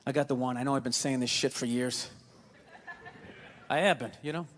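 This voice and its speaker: A man's voice: mid-range voice, normal speed, a little hiss or hum. A man with a Boston accent performing a stand-up comedy set, ranting and swearing as he acts out voices. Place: theater stage before a live audience. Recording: live theater with long reverb, faint ambience.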